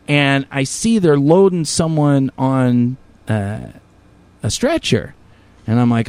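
A man's voice: mid-range voice, takes it slowly, darkish tone, clear, resonant tone, dry recording. A man telling a story in casual chat, rambling and full of fillers and swearing, with heated, raised bursts when he quotes himself.

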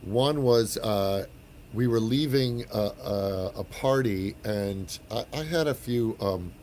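A man in his forties, an actor telling an anecdote in casual chat, animated with frequent restarts. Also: lowish voice, slow, a little hiss or hum. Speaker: actor and guest.

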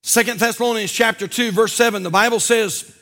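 A man preaching as pastor at a church service speaks fairly quickly with a pushed, bright voice and fairly even intonation. He's emphatic and repetitive, frequently dropping to a low, intense tone to drive points home.

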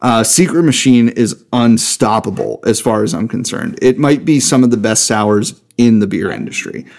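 A man's voice: on the low side, lively intonation, normal speed, creaky, a little mellow. A man co-hosting a podcast in easygoing casual chat, laughing often and trailing off with fillers. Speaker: podcast co-host.

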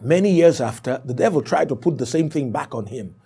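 A male preacher delivers an emphatic sermon, circling back over his points and sealing them with "Amen." His voice sits a little high and sounds husky and gravelly. His pitch rises and falls with lively energy. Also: fairly quick.

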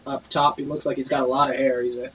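A man's voice: medium pitch, flat delivery, fast talker, fairly bright tone, slight background noise, low-quality recording. A man narrating as game master in a tabletop game, casual and rambling. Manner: casual, rambling, many fillers and restarts.

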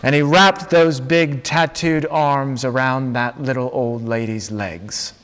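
A man preaching a sermon, telling a story slowly and dramatically with long pauses. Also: medium pitch, steady tone, a bit bright. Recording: long reverb of a large hall.

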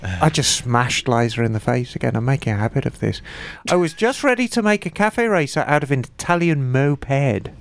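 Animated, lively-voiced woman podcast co-host. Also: a bass voice, normal speed. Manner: animated, laughs often, emphatic asides. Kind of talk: casual podcast chat, reading a listener email.

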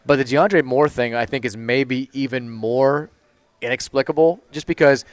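A man hosting a live sports radio show, brisk and upbeat, reading ads and talking sports. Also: medium pitch, no room sound. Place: live broadcast at a car dealership.

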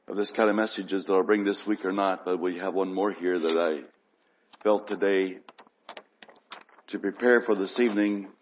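A man preaching a sermon in an earnest, unhurried way, piling up emphatic lists. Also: deep voice. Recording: muffled, long church reverb.

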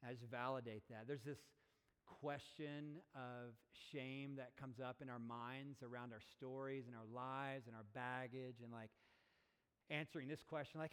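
A man's voice: mid-range voice, steady tone, normal speed, fairly bright tone, clean tone. A man, a pastor, preaching a sermon in a church in an earnest, conversational way, asking the congregation rhetorical questions and often correcting himself mid-sentence. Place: church sanctuary. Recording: long reverb of a church hall.

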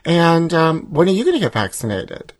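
A man's voice: on the high side, wildly swooping pitch, normal speed, no echo. A man co-hosting a comedic chat, flamboyant and theatrical, who keeps calling his partner "honey". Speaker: co-host. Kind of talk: campy comedic banter.

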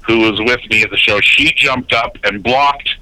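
Brief: man in his 50s, animated radio storyteller, piercing bright tone, dry close sound. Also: medium pitch, moderate pace, no room sound, poor audio. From Canada. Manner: animated storyteller who acts out quoted voices. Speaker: radio announcer and guest. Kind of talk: casual storytelling interview.

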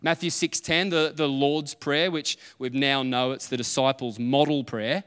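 A man's voice: mid-range voice, steady tone, unhurried, a bit bright, smooth. A man, preaching a conversational sermon and acting out little dialogues as he tells stories. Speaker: pastor. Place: church auditorium. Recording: long hall reverb.

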